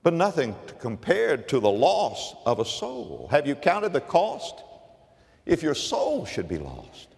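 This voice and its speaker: An older male pastor delivering a sermon, his voice soaring into emphatic peaks and dropping to near-whispers. The pitch sits a bit high for a man and moves with lively swings. A long reverb trails every phrase, as in a large church sanctuary. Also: a little slow, vocal fry. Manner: dramatic preaching, rising to emphatic peaks and dropping low.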